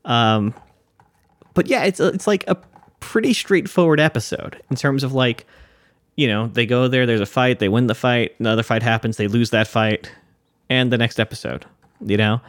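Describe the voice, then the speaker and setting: A man's voice: mid-range voice, moderate pace, no room sound, clean studio sound. A man co-hosting a casual chat, laughing often and swearing freely. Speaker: podcast co-host.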